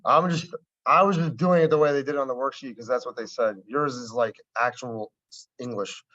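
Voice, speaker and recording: A man's voice: medium pitch, steady tone, a little fast, sharp tone. A male math teacher lecturing a class in a casual, conversational way, often checking whether students follow. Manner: conversational, keeps checking understanding, wry asides. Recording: dull lo-fi classroom recording.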